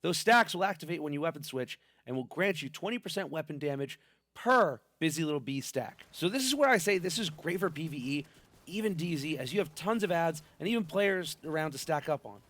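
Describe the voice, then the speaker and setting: A man's voice: a little high, lively intonation, fairly quick, a bit bright, no echo. A man hosting a game build video, talking in a hyped, playful, slangy way, with a sick voice. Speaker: gaming channel host. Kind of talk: casual game build commentary.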